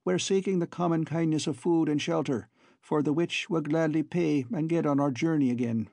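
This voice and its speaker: A man's voice: fairly high pitch, normal speed, creaky, mellow, no room sound. A man voicing a good-natured young Irish adventurer with a friendly, lilting Irish brogue. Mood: gentle.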